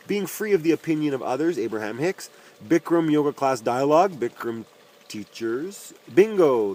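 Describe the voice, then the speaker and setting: A man's voice: medium pitch, darkish tone, slight background noise, rough recording. A man reading aloud a long list of self-help titles and their authors, with dry, wry asides and his voice dropping on each name.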